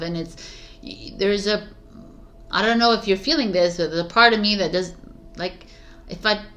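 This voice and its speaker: A woman with a fairly low voice talks casually as a tarot reader, sharing her thoughts with viewers. She rambles and reflects aloud, trailing off with fillers and breaking into soft laughs. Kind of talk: casual spiritual talk to viewers.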